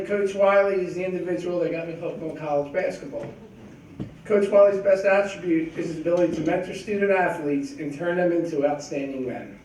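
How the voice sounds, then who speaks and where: A man acting as master of ceremonies, reading prepared introductions in a measured, formal way. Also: high-pitched, darkish tone, a little hiss or hum. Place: large echoey banquet room. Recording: echoey hall, distant mic.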